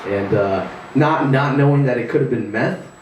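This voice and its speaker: A man's voice: medium pitch, dull audio. A male stand-up comedian talks at a house party, stumbling through his jokes with plenty of "um"s and restarts. He sounds far from the mic, and the room rings with strong echo. A faint hum of noise sits underneath. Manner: rambling, halting delivery with many fillers. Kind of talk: stand-up set.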